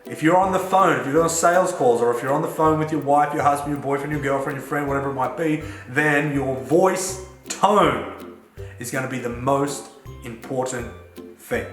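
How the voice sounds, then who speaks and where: A man's voice: medium pitch, moderate pace. Man coaching in an echoey room. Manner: chatty and relaxed, with Australian slang. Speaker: self-development coach. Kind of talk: casual talk to camera. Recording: echoey room with faint music.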